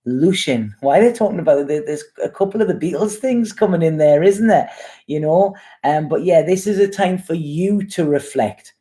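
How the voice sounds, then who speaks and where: A woman tarot reader with a deep voice who talks in a chatty, rambling way and swears bluntly while giving readings. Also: lively intonation, moderate pace, dark tone.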